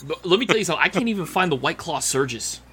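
A man co-hosting a podcast, chatting casually with quick interjections. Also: a little high, lively intonation, noisy background. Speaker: podcast co-host. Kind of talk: casual chat.

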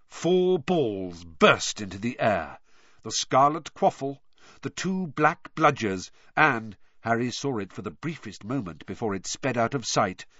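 A man giving an animated, expressive audiobook narration. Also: medium pitch, dry recording. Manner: animated storytelling. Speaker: audiobook reader. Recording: dull dry lo-fi sound.

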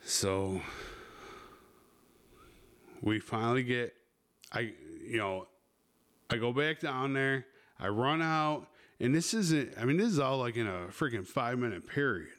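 A man's voice: medium pitch, unhurried, long pauses, fairly bright tone. A man hosting a podcast, telling a crude story in a rambling, casual way with lots of swearing. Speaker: podcast host.

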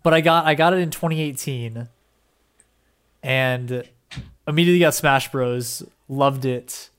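Young male podcast co-host, excitable, rambling, casual cursing, relaxed chat. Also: mid-range voice, measured pace, clear, resonant tone.

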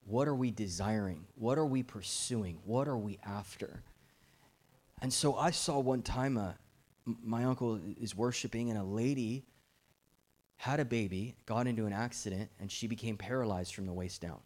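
A man's voice: on the low side, moderate pace, darkish tone. A middle-aged man preaching a fervent, urgent sermon as a guest preacher, his volume swelling and dropping as he presses his points.

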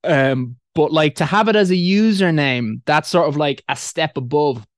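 Irish guy, kinda high voice, rambly and sweary with loads of ums, dry close mic. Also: moderate pace, no echo. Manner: rambling, lots of fillers and restarts, swears casually. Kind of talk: casual chat.

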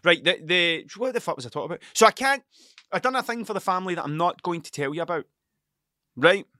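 A hungover young man rants in a restless, self-mocking ramble, with swearing in nearly every breath. His voice sits a little high and sounds bright and tense. The sound is dry and close, with no room around it. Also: lively intonation, fast, dry recording. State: hungover and sleepless. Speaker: podcast host. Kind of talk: rambling casual monologue. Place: cluttered room at home.

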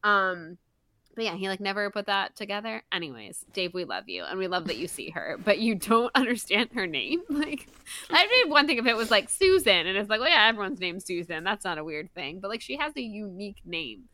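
A young woman co-hosting a podcast, chatting about a novel with animated, playful asides and mock dialogue. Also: medium pitch, a little fast. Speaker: podcast co-host. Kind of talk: casual book-club chat.

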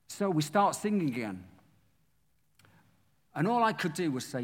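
A man's voice: on the high side, expressive, brisk, long pauses, husky, long reverb tail. A man, a pastor preaching a sermon who animatedly acts out the scenes of his story.

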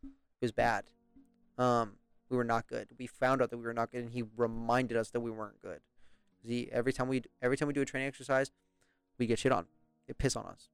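A man's voice: medium pitch, steady tone, quick pace, gravelly, clean tone, no echo, soft background music. Young British man, casual storyteller, swears a lot and laughs along, dry close mic. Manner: rambling, profane, laughs often. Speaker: podcast host.

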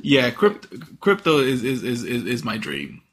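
Young man, casual crude banter, lively husky delivery, laughs a lot. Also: medium pitch, measured pace. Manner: laughs often, loud teasing.

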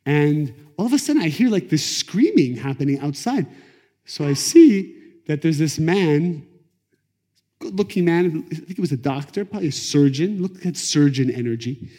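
A middle-aged man teaching a class on Kabbalah, telling stories in a lively conversational way. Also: on the high side, moderate pace. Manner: animated, conversational, acts out quotes. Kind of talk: lecture storytelling. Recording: echoey lecture hall.

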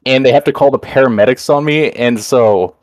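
Young male podcast host, mid-pitched and dry-sounding, loose rambling delivery with constant fillers and swearing. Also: brisk, a little mellow, no room sound. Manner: rambling and profane, full of fillers. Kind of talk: casual storytelling chat.

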